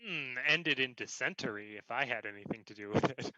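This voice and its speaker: A man's voice: mid-range voice, fairly quick, pushed and bright, dry recording, poor audio. A man co-hosting a casual online trivia quiz, calling on players and teasing them playfully. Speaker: co-host running the quiz.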